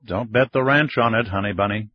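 A man reading the lines of a brisk, plainspoken female senior intelligence officer in an audiobook. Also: lowish voice, no room sound, muffled recording, close to an everyday voice. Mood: wry.

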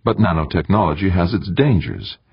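A man's voice: deep voice, animated, fairly quick, slightly rough, pitched above the performer's own voice, heavily acted. A man voicing a scheming male official who speaks in a polite, soothing, ingratiating way. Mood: deferential. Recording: dull, muffled audiobook recording.

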